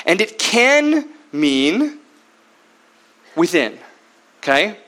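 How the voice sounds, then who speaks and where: A man's voice: sits high, very animated, extremely slow, sharp tone. A man preaching a teaching sermon, often asking his listeners questions and answering them himself. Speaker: Bible teacher.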